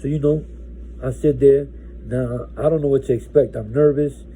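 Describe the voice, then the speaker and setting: A man's voice: mid-range voice, steady tone, normal speed, warm tone, slight background noise, poor audio. A man from New Jersey telling his own story casually, rambling with lots of restarts. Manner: rambling, with many restarts and "right?".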